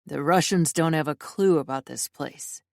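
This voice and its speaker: Brief: a woman doing a stern, brooding crime boss, low and growling, dry close read. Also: moderate pace, creaky, a little mellow, dry recording. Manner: growling, demanding. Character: dangerous brooding mafia man, commanding.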